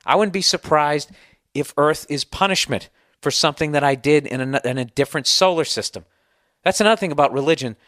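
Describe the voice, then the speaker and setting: A man's voice: a little high, fairly quick, a bit bright, no echo. Profane, ranting Boston man, dry sound. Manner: sarcastic, profane, heated. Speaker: podcast host. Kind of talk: ranting monologue.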